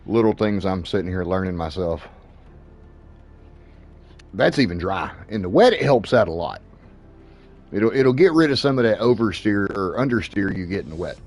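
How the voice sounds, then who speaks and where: A man's voice: fairly low pitch, lively intonation, moderate pace, long pauses, darkish tone. A man casually talking racing tips while playing a racing sim, swearing freely and laughing often. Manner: profane, laid-back, laughs often. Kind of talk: casual gameplay commentary.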